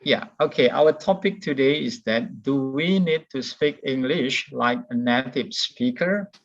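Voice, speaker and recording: A man's voice: medium pitch, a little slow. A man hosting an online discussion, patiently repeating his questions over a call. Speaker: meeting host. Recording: dull, lo-fi call audio.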